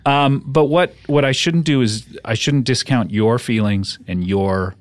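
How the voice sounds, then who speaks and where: A man co-hosting a comedy podcast in casual chat, animated and rambling, quick to break into laughter. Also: mid-range voice, no room sound. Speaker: podcast co-host.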